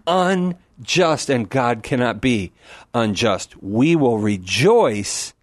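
A man answering callers on a call-in radio show in an animated, preacherly way, quick to laugh. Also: medium pitch, dry recording, clean studio sound. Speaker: Catholic apologist radio guest.

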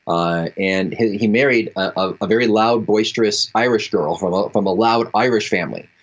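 Male radio guest, anecdotal and animated, slightly muffled sound. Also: on the low side, moderate pace. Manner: storytelling, acts out quoted voices, laughs often. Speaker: guest speaker. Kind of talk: relaxed radio interview talk.

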